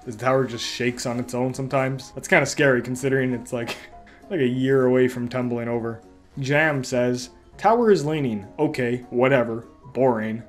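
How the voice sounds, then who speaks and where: A man's voice: mid-range voice, level tone, normal speed, faint music behind. A young man reading out and mocking online reviews in a sarcastic comedic style. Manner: sarcastic, mock voices for reviews.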